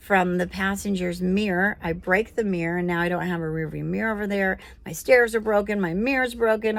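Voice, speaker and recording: A woman casually telling a personal story with animated, prayerful, self-deprecating energy. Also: fairly low pitch, no room sound.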